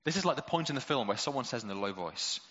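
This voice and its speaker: A man's voice: mid-range voice, animated, racing, fairly bright tone, big-room sound, muffled recording. A male preacher giving a conversational sermon with many rhetorical questions and playful asides.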